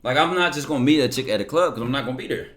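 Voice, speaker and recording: On his stream, a young man fires off blunt answers to viewer questions in a rapid, slightly bright mid-range voice with lively intonation. His casual talk is packed with slang and cursing, and he tends to repeat words.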